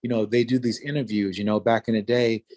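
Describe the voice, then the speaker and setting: A man's voice: mid-range voice, steady tone, fast talker, a little mellow. A man in his forties, a former fighter, telling a story in casual interview talk, loose and rambling with many fillers and restarts.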